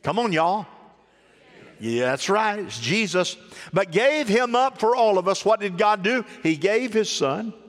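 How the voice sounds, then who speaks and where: A man's voice: high-pitched, expressive, a little slow. A man preaching a sermon as pastor, calling out to the congregation for answers and building his exhortation in waves. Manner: call-and-response preaching, rising exhortation. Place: church sanctuary. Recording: long reverb of a church hall.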